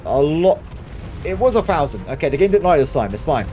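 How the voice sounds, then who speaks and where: Excitable man doing game commentary. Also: a little high, fairly quick, soft background music. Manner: excitable, talks to himself and viewers. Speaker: gaming channel host.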